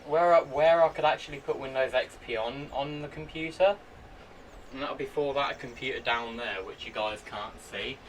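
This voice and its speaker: A man chatting to himself and his viewers in an excitable way while he works on a computer at home. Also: mid-range voice, moderate pace. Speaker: vlogger. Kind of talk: casual running commentary while using a computer. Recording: voice a bit far from the mic, faint background noise.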